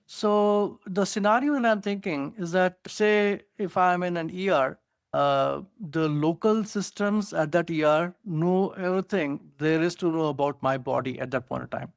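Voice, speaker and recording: In a casual tech podcast chat, a co-host with an Indian accent and a high, creaky but clean-toned voice eagerly explains technology at a moderate pace. He keeps saying "you know." The recording is dry, with clean studio sound.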